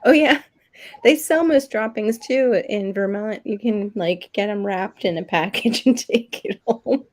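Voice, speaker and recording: A woman's voice: medium pitch, measured pace. A middle-aged woman co-hosting a livestream, chatting casually with rambling asides and frequent laughs. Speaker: livestream co-host. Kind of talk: casual chat.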